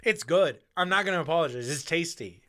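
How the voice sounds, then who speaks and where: A man's voice: on the high side, lively intonation, brisk, pushed and bright. A man co-hosting a casual true-crime podcast, a little tipsy, joking crudely and swearing a lot. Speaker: podcast co-host.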